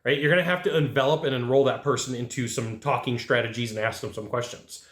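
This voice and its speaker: A man coaching salespeople in an animated way, acting out his customers' lines as he goes. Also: medium pitch, fast. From California. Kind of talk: energetic coaching monologue. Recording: roomy echo.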